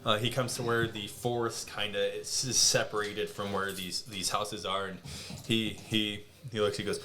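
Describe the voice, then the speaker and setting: A man narrating a tabletop game as dungeon master, talking in halting bursts full of restarts. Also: on the low side, level tone, pushed and bright, a little hiss or hum.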